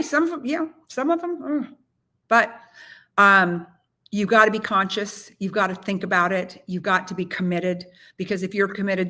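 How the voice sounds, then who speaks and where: A middle-aged woman coaching her sales team in a casual motivational livestream, energetic and rambling with many restarts and asides. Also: medium pitch. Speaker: real estate team leader and coach.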